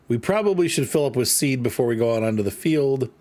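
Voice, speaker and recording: A man chats loosely through his gameplay, his pitch bouncing widely as he jokes with himself. He rambles in an easy, offhand way. His asides stay goofy and unhurried. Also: sing-song, a little mellow. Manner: rambling, playful, jokey asides. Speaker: gaming channel host. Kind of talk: casual gameplay commentary.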